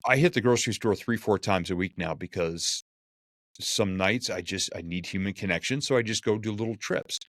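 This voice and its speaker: A man, a keynote speaker, telling lively stories in a podcast conversation and acting out the quotes. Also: lowish voice, normal speed, no echo, clean studio sound. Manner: animated, acts out quotes and jokes.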